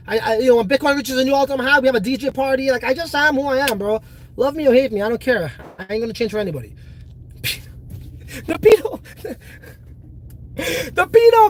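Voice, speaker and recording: A man's voice: extremely high pitch, low-quality recording. Blunt, profane man ranting on a livestream. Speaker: livestream host. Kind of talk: casual livestream chat.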